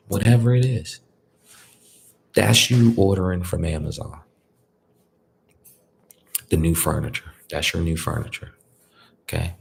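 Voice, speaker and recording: A man's voice: low voice, gravelly, darkish tone, slightly rough. A man giving a casual spiritual talk, conversational and repetitive, often checking in with "you feel me". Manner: conversational, repeats "you feel me", colloquial grammar. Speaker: spiritual speaker.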